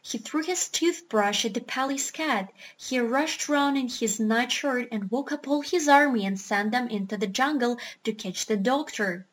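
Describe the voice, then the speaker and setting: A woman reading a children's book aloud in a steady, expressive storytelling manner. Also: on the high side, normal speed, few pauses. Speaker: narrator.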